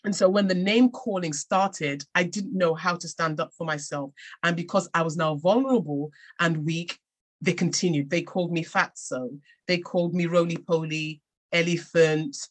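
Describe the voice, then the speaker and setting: A woman's voice: fairly low pitch, steady tone, moderate pace. An English woman from England, a podcast guest and author, telling her own story in an earnest, reflective way with frequent restarts. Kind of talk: personal storytelling in a podcast interview.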